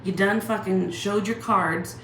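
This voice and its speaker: A woman's voice: mid-range voice, steady tone, unhurried, fairly bright tone, echoey room, a little hiss or hum. A young woman ranting heatedly to the camera, swearing constantly and firing off rhetorical questions. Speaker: channel host ranting. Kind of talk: angry profane rant to camera.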